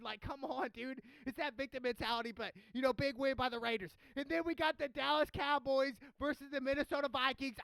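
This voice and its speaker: A man's voice: very high voice, gravelly, fairly bright tone, no room sound, poor audio. A man giving a blunt, slangy football recap as a streamer, trash-talking teams in casual chat. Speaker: sports streamer.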